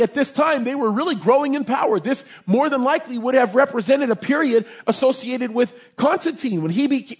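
High-voiced, husky man preaching. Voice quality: animated, informal storyteller with slangy asides. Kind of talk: sermon with retold Bible stories. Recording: dull lo-fi recording.

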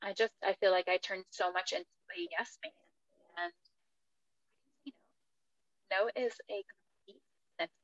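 A woman's voice: medium pitch, lively intonation, normal speed, pauses often, no echo, highs cut off. A woman in her thirties, a mother and podcast guest, speaking candidly and animatedly in casual conversation.

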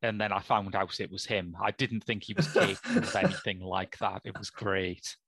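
A man's voice: on the low side, big pitch swings, moderate pace, fairly bright tone, no echo. A man chatting casually about films on a podcast, with dry, wry humour. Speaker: podcast co-host. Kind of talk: casual film chat.

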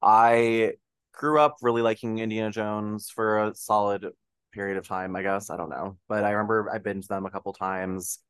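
Laughing, low-voiced male podcast host. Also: normal speed, clean tone, dry recording. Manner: animated, laughs often, rambling with fillers. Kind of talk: casual film review chat.

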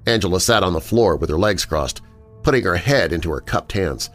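A man narrating a first-person horror story in an expressive storytelling manner. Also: sits low, brisk, faint music behind.

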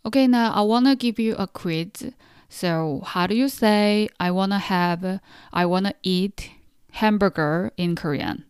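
Very smooth-voiced woman teaching patiently. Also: mid-range voice, no room sound, clean studio sound. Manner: patient, encouraging, pronounces words slowly for repetition. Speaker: Korean language teacher. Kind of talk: podcast language lesson.

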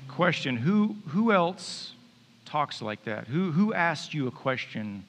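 A man's voice: on the high side, big pitch swings, takes it slowly, a bit bright, a little hiss or hum. Man preaching in an echoing hall. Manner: conversational, joking preacher with restarts. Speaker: pastor. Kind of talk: sermon. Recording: reverberant hall.

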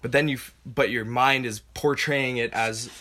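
A laid-back man in casual conversation, swearing freely and dropping into quieter asides. His pitch sits in an ordinary middle range. A faint hiss of background noise runs under the recording. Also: fairly even intonation, moderate pace. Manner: loose and profane, trails into quieter asides. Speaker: podcast co-host. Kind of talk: casual chat.

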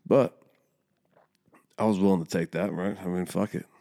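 At an ordinary pace and with noticeable vocal fry, a young youth soccer coach with a very deep voice casually recounts a story to his listeners. He swears without restraint and heats up as it goes on.

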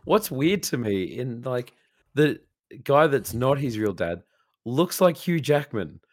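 A man's voice: medium pitch, very animated, takes it slowly, a little hiss or hum. A man rambling enthusiastically in a casual film review chat. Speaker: podcast co-host.

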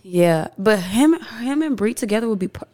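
A woman co-hosting a podcast in relaxed, casual chat, quick to agree and joke along. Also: mid-range voice. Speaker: podcast co-host.

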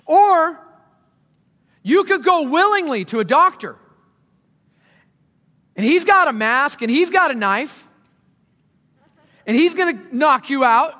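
A man preaching a sermon as pastor, conversational and joking, sometimes dropping low and quiet, sometimes rising loud. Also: animated, slow, long pauses. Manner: conversational, joking preacher with dramatic swings in loudness. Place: church auditorium. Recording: church hall with long reverb.

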